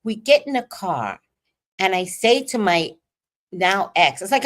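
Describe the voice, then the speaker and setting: An animated woman telling a candid personal story on her livestream. Her pitch leaps and dips freely. Her mid-height voice jumps from loud, emphatic bursts to near-whispered asides, with plenty of swearing. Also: a little slow. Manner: animated, swinging between loud emphasis and hushed asides, profane. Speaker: livestream host.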